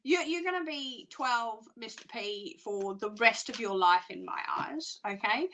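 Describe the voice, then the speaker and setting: Bright high-voiced chatty woman psychic. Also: unhurried, a little hiss or hum. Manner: chatty and excitable, laughs often. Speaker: psychic reader. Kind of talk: live online card readings.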